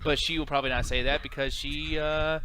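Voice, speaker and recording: A man hosting a casual livestream chat, loud and playful, swearing often and reading out viewer comments. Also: on the high side, little pitch movement, a little fast, a crowd in the background. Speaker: podcast host.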